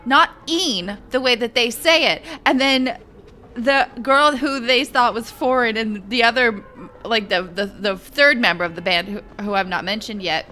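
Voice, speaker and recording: A bright-voiced woman doing let's-play commentary, chatty and rambling, with laughing asides. Her voice sits a bit high, with faint music behind it. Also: moderate pace. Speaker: gaming streamer.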